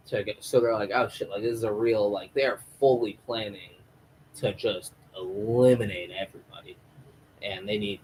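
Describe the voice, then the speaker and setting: A man's voice: fairly low pitch, slight background noise, low-quality recording. A man recapping a TV episode live, rambling and swearing freely as he retells the plot. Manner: rambling, profane, animated. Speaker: TV show reviewer.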